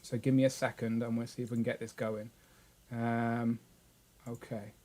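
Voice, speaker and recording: A man's voice: mid-range voice, level tone, normal speed, background noise. A British man hosting a casual live stream from a home setup, chatty and upbeat. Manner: chatty and upbeat, often laughing.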